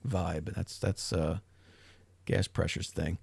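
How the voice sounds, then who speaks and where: A man's voice: low voice, very animated, unhurried, gravelly, darkish tone, husky, dry recording. A middle-aged man hosting a livestream, chatting casually and rambling with frequent restarts and swearing. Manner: rambling, profane, self-interrupting. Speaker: livestream host.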